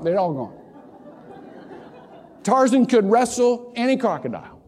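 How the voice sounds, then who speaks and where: Animated older pastor in a reverberant church. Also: male voice, high voice, normal speed, pauses often, slight background noise. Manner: animated storytelling, jokey asides, repeats words. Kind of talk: sermon. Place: church sanctuary. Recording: long hall reverb.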